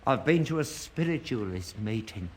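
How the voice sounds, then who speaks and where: A man's voice: mid-range voice, lively intonation, normal speed, background noise, lightly acted. An actor playing a gullible elderly father who talks earnestly about seances, in a broadcast sitcom. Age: older. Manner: earnest, credulous, indignant.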